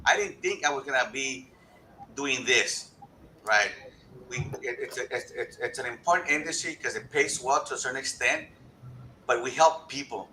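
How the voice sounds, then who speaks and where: A man's voice: mid-range voice, moderate pace, bright, forceful tone, a little hiss or hum, poor audio. A middle-aged man with a heavy Mexican-American accent, speaking earnestly on a panel and often adding "right?". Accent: Mexican-American Spanish-influenced. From Eastern Coachella Valley, California. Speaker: assistant director of planning and building. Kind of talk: panel discussion.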